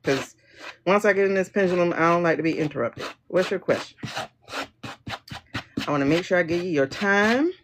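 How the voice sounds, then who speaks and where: A woman's voice: lowish voice, expressive, moderate pace, long pauses, background noise. A woman doing a livestream tarot and pendulum reading, talking bluntly and joking with her viewers.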